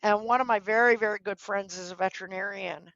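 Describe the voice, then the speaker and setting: A woman guest in a podcast interview, speaking earnestly and gently giving advice, now and then acting out what people might say. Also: mid-range voice, steady tone, quick pace, dry recording, lo-fi sound. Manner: earnest, gently advising, acts out quoted speech. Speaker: guest, dog trainer.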